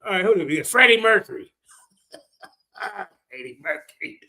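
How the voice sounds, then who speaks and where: Man, high bright voice, casual profane reaction commentary, joking, talks to viewers. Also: animated, normal speed, creaky.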